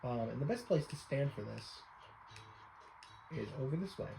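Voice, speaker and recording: A man's voice: mid-range voice, expressive, normal speed, vocal fry, over music, poor audio. A man giving casual, offhand let's-play commentary over a game, talking loosely with frequent fillers. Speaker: game streamer.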